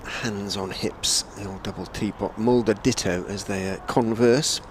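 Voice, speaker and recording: This low-voiced male cricket commentator gives radio-style ball-by-ball coverage from a commentary position on a stadium hotel roof. He stays measured and chatty but rises to excited calls when big shots come, with background noise present.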